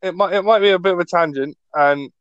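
A man's voice: high-pitched, fast, fairly bright tone, clean tone. A British man co-hosting a casual podcast chat, ranting sarcastically and peppering his talk with "mate" and "right?". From Britain. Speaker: podcast co-host. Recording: slightly dull lo-fi audio.

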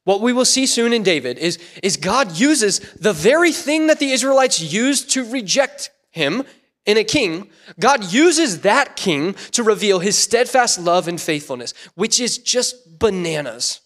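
A man preaching a sermon in a church, animated and playful, acting out voices in quotes. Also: high-pitched, a little slow. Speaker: pastor.

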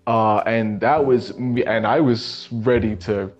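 A young man co-hosting a podcast, telling a long personal story in a relaxed, profane way, with lots of "man" and "you know". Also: fairly low pitch, slow. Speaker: podcast co-host. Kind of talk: casual storytelling chat. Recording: slightly muffled lo-fi audio with faint music.

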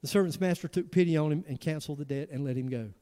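A male pastor, preaching an animated, emphatic sermon full of rhetorical questions. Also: a little high, fast talker. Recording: long hall reverb.

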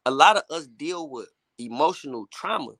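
A man's voice: fairly high pitch, expressive, normal speed, pushed and bright, no room sound. A man who is a guest on an interview, speaking candidly and often saying "you know what I'm saying". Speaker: gospel hip hop artist guest. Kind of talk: casual interview chat.

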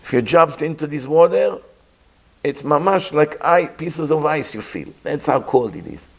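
A man giving a sermon as a rabbi, telling a story with pauses and acted-out sounds. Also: fairly high pitch, expressive, creaky.

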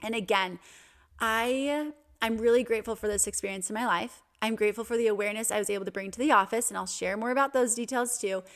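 A woman's voice: fairly high pitch, fast talker. A young adult woman hosting a podcast, telling a personal story in an earnest, reflective way with small restarts. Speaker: podcast host.

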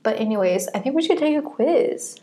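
A young woman co-hosting a podcast, chatting in a relaxed way and laughing often. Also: high-pitched, brisk. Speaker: podcast co-host. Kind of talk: casual chat.

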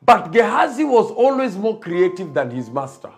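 A man's voice: high voice, very animated, moderate pace, soft background music. A man preaching a sermon, emphatic and repetitive, building his points.

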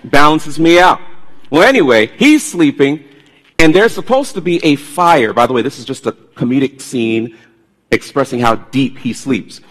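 A man preaching a sermon, telling stories in an animated way and swinging from loud bursts to hushed tones. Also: mid-range voice, normal speed. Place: church sanctuary. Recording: long hall reverb.

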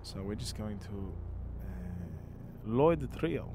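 A man putting on a hammy, excitable Italian-accented character with broken grammar for laughs on a podcast. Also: on the low side, noisy background, voice pushed down. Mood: teasing. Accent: put-on Italian. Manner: broken grammar, drawn-out teasing.

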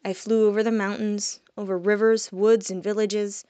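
A woman narrating a first-person fantasy story, soft-spoken and dropping quiet on reflective moments. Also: medium pitch, little pitch movement, moderate pace, no echo. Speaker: audiobook narrator.

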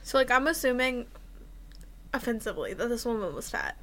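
A woman's voice: on the high side, fairly quick. A young woman co-hosting a podcast, chatting bluntly and with a lot of profanity, acting out the exchanges she describes. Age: young adult. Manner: blunt, profane and animated, acts out quoted exchanges. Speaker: podcast co-host. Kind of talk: casual chat.

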